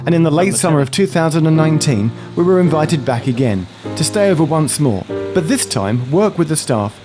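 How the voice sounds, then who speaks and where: A man narrating a travel documentary in a measured, scripted voice. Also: on the high side, lively intonation. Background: guitar music.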